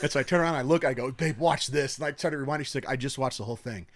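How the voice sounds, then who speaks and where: A man's voice: medium pitch, rapid-fire, dry recording. A young man co-hosting a podcast, telling stories in casual chat and acting out the people in them with big voices. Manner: animated storyteller, acts out quoted people loudly. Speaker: podcast co-host. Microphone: podcast mic at a table.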